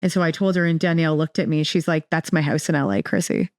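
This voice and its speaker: A woman's voice: deep voice, fairly even intonation, quick pace, darkish tone, no echo, clean studio sound. A woman guest telling a personal story in a casual interview, rambling with many restarts and fillers. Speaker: podcast guest.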